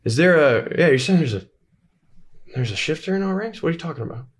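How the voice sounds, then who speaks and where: A man's voice: a little high, lively intonation, fast talker, pitched above the performer's own voice. A man voicing a brutal, profane male warlord in a tabletop game, sneering and crude. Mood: snarling.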